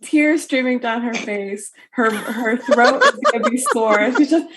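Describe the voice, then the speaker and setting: A woman playing a tabletop game, excitedly describing her character while laughing. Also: a little high, measured pace, heavy background noise. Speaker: player.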